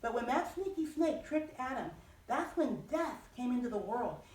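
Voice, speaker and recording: A woman teaching children, telling a Bible story in an animated, expressive way and asking them questions. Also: on the high side, moderate pace, echoey room, distant mic, rough recording.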